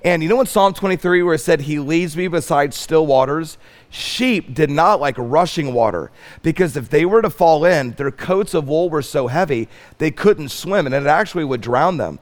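A man preaching a sermon as pastor, swinging from loud stretched emphasis to soft pleading. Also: fairly high pitch, lively intonation, normal speed. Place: church sanctuary.

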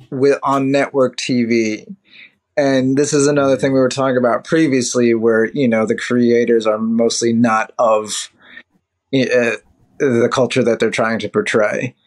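A man's voice: mid-range voice, steady tone, measured pace. Chatty man guest, laughing often. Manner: rambling with restarts and laughs. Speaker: podcast guest, actor. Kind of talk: casual interview chat.

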